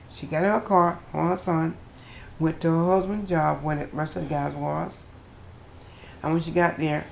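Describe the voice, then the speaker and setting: An older woman telling a personal story as a guest, in a lively storytelling manner with a dialect grammar. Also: low voice, gravelly, roomy sound, a little hiss or hum.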